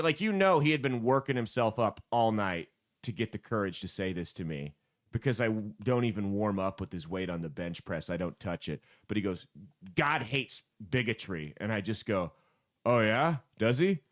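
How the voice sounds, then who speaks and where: A man's voice: fairly low pitch, brisk. A man hosting a podcast, ranting bluntly and mockingly in casual commentary with plenty of swearing. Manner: blunt, profane, mocking rants. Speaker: podcast host.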